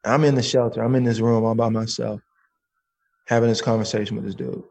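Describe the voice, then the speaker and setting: A man telling a personal story in casual, slangy speech, animated and full of swearing, as a guest. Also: mid-range voice, fairly quick, vocal fry.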